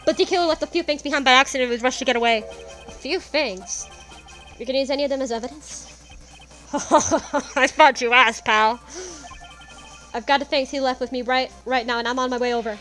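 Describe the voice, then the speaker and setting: A woman's voice: sits high, steady tone, fairly quick, fairly bright tone, faint music behind. A woman voicing a clumsy, loyal male police detective in a courtroom game, talking in an apologetic, folksy way. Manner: apologetic, folksy, says "pal".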